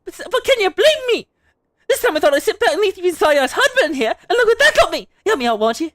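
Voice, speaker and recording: A fierce, overbearing middle-aged mother who scolds and bustles, put on by a man reading a game aloud. Her voice sits high and swoops up and down, close and dry with no room sound. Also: big pitch swings, quick pace, fairly bright tone, dry recording, heavily acted. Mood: brisk.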